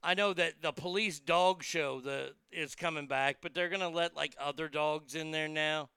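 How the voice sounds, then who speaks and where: A man's voice: on the high side, fairly even intonation, moderate pace, sharp tone, clear, resonant tone, no room sound. A man hosting his own show, rambling casually and chattily with a profane edge. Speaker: host.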